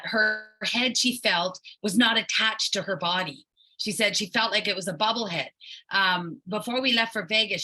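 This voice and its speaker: Woman chatting through a story on a call, bright voice, mid pitch. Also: poor audio. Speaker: guest sharing a testimonial. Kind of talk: casual online call storytelling.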